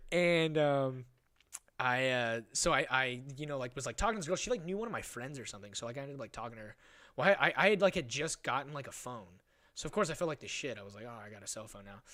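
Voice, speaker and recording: A man's voice: mid-range voice, expressive, fast talker, pushed and bright. A young man hosting a podcast, telling a rambling story in casual chat, swearing and laughing often. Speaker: podcast host.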